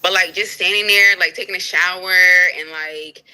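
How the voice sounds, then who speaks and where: A woman's voice: fairly low pitch, moderate pace, low-quality recording. A woman in a casual livestream conversation, speaking candidly and repeating her points. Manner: candid, animated, repeats herself. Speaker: livestream co-host.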